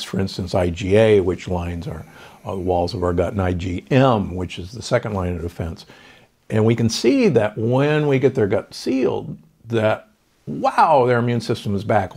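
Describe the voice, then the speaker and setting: Gravelly older man explaining health advice. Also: on the low side, darkish tone. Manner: confident, explanatory, with fillers. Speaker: doctor, podcast host.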